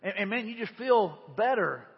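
A man's voice: high-pitched, animated, gravelly, slightly rough, long reverb tail, dull audio. A middle-aged male pastor preaching a sermon, firing off repeated rhetorical questions at the congregation. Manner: rapid, repetitive rhetorical questions.

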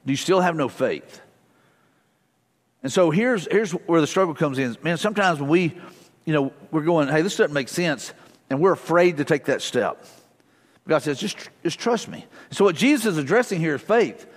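Middle-aged male pastor, fairly high voice, chatty sermon delivery, long hall reverb. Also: expressive, normal speed. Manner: casual, storytelling, frequent fillers and restarts. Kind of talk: conversational sermon.

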